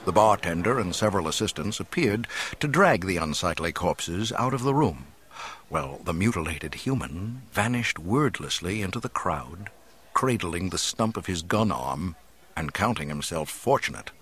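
A man narrating an adventure story aloud in an expressive, dramatic reading style. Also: sits low, moderate pace, husky. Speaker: audiobook narrator. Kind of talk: scripted narration.

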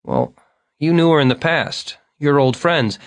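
A man's voice: fairly high pitch, wildly swooping pitch, unhurried, vocal fry, no room sound, pitched above the performer's own voice, full character voice. Man doing an earnest young chatterbox, voice lifted above the narration, dry read. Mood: eager.

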